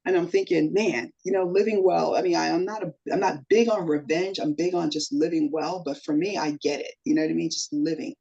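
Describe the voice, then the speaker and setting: A middle-aged woman tells her personal story as a podcast guest. She sounds earnest and emotional. Her voice is gravelly and husky. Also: deep voice, fairly even intonation, brisk, hardly any pauses, dark tone, lo-fi sound.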